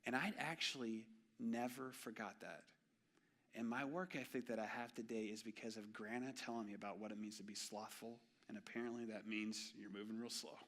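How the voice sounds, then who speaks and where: Storytelling pastor, bright forceful voice. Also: male voice, fairly low pitch, fairly even intonation, fairly quick. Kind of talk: sermon. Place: church sanctuary.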